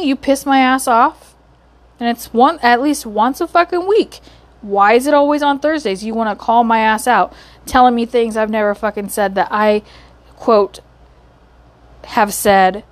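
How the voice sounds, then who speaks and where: Profane, ranting young woman. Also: a little high. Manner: profane, heated and exasperated. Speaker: call center agent venting. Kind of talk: ranting vlog.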